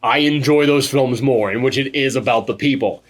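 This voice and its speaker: A man co-hosting a casual film review chat, animated, swearing freely and mimicking characters as he goes. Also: mid-range voice, normal speed. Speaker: podcast co-host reviewing a film.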